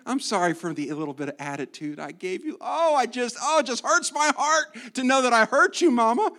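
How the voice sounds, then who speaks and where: A man voicing a remorseful child who gushes an apology to his mother in a high, sing-song way. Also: animated, a little fast, bright, forceful tone, exaggerated voice. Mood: gushing sorry.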